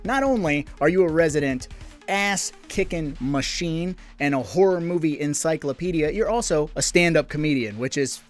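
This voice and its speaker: A man's voice: a little high, moderate pace, soft background music. Enthusiastic, foul-mouthed male podcast host. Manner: enthusiastic, profane. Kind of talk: casual interview chat.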